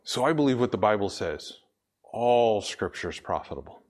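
Guy preaching a sermon, lowish voice, slows way down to hammer points, asks then answers. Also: lively intonation.

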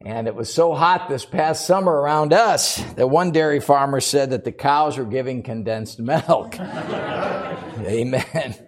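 A man's voice: medium pitch, unhurried. An older man, a guest preacher in a church, opening his sermon with chatty, folksy jokes and laughing at his own punchlines. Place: church sanctuary.

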